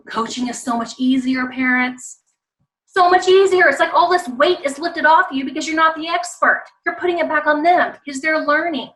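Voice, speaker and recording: A woman's voice: sits high, sharp tone, distant mic, low-quality recording. A woman giving an online parenting talk with slides over a video call, emphatic and repetitive, speaking straight to parents. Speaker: parenting coach.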